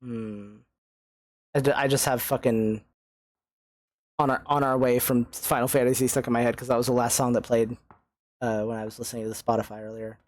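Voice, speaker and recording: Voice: mid-range voice, flat delivery, a little fast, long pauses, darkish tone, no echo. Chatty self-mocking game streamer. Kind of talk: casual let's-play commentary. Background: faint game music.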